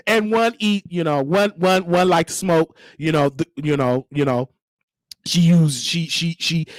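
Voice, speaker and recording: A man hosting his own show, telling a story in a casual, animated way and mimicking the people in it. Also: no echo, studio quality. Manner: animated, mimics others, drops to a low crooning voice. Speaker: show host.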